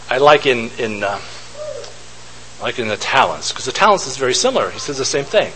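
A man teaches scripture in a bright, clear voice that rises and falls a lot. He thinks aloud as he goes and asks his listeners rhetorical questions. A faint hiss sits under the recording. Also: mid-range voice, very animated, a little fast, rough recording. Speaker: Bible teacher. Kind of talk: informal Bible teaching.

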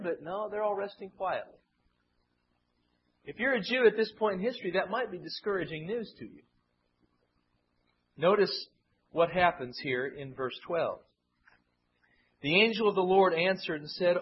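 A man with a high, husky voice preaches verse by verse and leans into the voices he quotes. His delivery swings between loud, pleading outbursts and low, quiet asides. The recording is muffled and lo-fi. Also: normal speed, long pauses. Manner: dramatic, acts out quoted voices. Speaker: pastor. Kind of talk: expository Bible sermon.

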